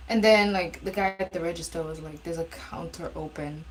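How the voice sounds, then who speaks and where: A woman's voice: lowish voice, brisk, slight background noise, low-quality recording. A woman telling a storytime in a casual, blunt and profane way, rambling with restarts. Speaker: live streamer.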